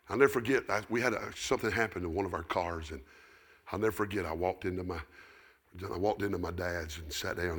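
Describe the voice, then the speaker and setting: A middle-aged man with a Southern American accent preaching a sermon, telling folksy stories that build up into shouted preaching. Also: sits low, slightly rough. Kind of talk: storytelling sermon.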